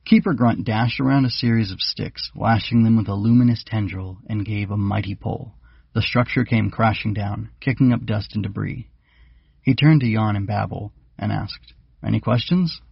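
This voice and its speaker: A man narrating a storybook in a steady, plain reading voice. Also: on the low side, moderate pace, gravelly, breathy edge, dry recording, lo-fi sound. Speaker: author and audiobook narrator.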